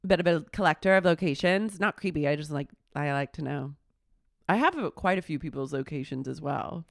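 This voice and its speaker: A podcast co-host chatting casually with wry, deadpan asides while recapping a reality show. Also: mid-range voice, fairly quick, creaky, no echo, studio quality.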